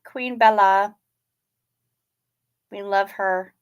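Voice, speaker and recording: A woman hosting a casual livestream, reading viewer comments in a gentle, sympathetic way. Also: mid-range voice, fairly even intonation, smooth. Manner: slow, gentle and sympathetic, talking to chat. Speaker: livestream host.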